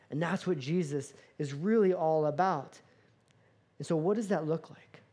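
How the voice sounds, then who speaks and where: A man from Florida, a pastor, preaching a sermon with animated, self-mocking storytelling. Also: sits high. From Florida, USA.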